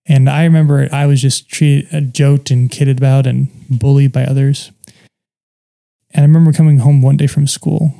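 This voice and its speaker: Gravelly, earnest man telling his story. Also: mid-range voice, little pitch movement, dark tone. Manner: halting and reflective, with many pauses and fillers; earnest and open about painful memories. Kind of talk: personal testimony in conversation.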